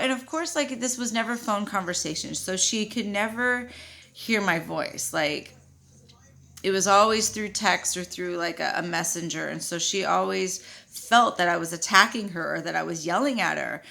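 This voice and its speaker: Blunt, gravelly-voiced woman venting. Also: medium pitch, normal speed. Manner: blunt, swears freely, animated retelling with quoted dialogue. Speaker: vlogger. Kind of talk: casual venting monologue.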